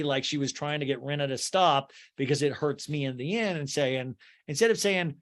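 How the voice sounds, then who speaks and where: A man hosting a comedic TV recap podcast, animated and profane, acting out quotes. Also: a little high, brisk. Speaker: podcast host.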